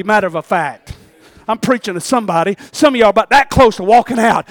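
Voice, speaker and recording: A man preaching a fervent sermon with sudden shouted bursts. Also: very high voice, brisk, no room sound.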